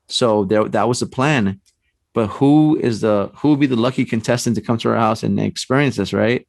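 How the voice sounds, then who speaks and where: A lower-pitched man tells a story in a casual, rambling way and leans on fillers as he goes. The recording is dry and close, with no room sound. He sounds like a podcast guest talking into a studio mic. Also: normal speed, vocal fry, a little mellow, no room sound. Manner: rambling, filler-heavy telling with many "you know" and "like". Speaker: podcast guest, paranormal investigator.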